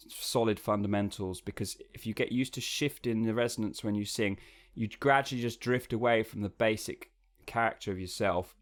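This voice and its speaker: A man with a lowish voice talks through a singing lesson in a loose, conversational way. He explains as he thinks, circling back with ums and restarts, more like chatting to a student than lecturing. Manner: relaxed, explanatory, thinks aloud with fillers. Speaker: singing coach.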